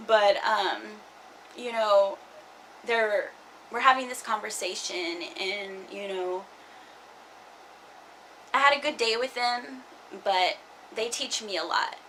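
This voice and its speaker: A woman's voice: medium pitch, takes it slowly, long pauses, a bit bright, a little hiss or hum, poor audio. A young woman vlogging casually, rambling with many fillers and restarts. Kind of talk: casual personal vlog.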